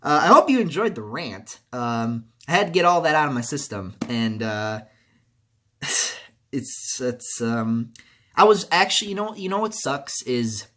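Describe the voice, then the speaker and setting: A man's voice: mid-range voice, fairly bright tone. A man ranting about a video game as a video creator, angry and profane, repeating himself as he vents. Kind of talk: video game commentary rant.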